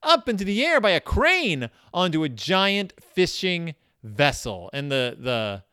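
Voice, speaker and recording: A man's voice: on the high side, very animated, a little slow, bright, forceful tone, clean tone, no room sound, studio quality. A man giving a comedic commentary on a children's book, sarcastic and exasperated, often scolding the characters directly. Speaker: book reviewer.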